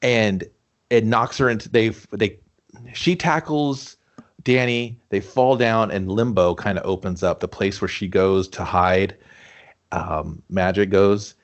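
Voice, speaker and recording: A man's voice: fairly low pitch, a little slow, dull audio. A man co-hosting a casual movie review podcast, joking and swearing as he retells scenes in mock quotes. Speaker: podcast co-host.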